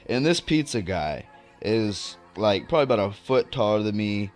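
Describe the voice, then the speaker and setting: A man's voice: fairly low pitch, moderate pace, faint music behind. A young man vlogging a casual story, rambling and swearing freely as he tells it. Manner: rambling, profane, animated storytelling.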